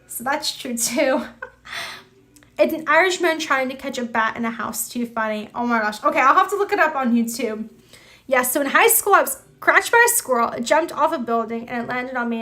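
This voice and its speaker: A woman's voice: high-pitched, fairly quick, sharp tone. A woman hosting a livestream, chatting casually and giggling while answering viewers in the chat. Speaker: livestream host.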